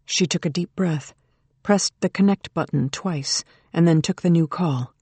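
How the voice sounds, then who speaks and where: An audiobook narrator reading a suspense novel in a steady, measured way. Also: medium pitch, no echo. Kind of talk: scripted narration.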